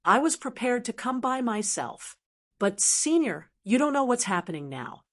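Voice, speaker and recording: Wronged young male fighter, hurried and pleading, voiced by a woman narrator; audiobook. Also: on the high side, big pitch swings.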